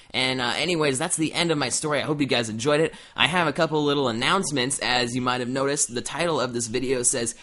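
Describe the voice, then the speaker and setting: A man vlogging about gaming, telling a story to his viewers in an animated, jokey way. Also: mid-range voice. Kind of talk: casual storytelling to camera.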